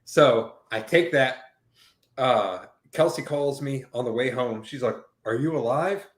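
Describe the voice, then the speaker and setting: A man's voice: medium pitch, unhurried. Profane, rambling male storyteller in a roomy space. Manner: profane, rambling, animated retelling with quoted dialogue. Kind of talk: casual storytelling. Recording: roomy echo.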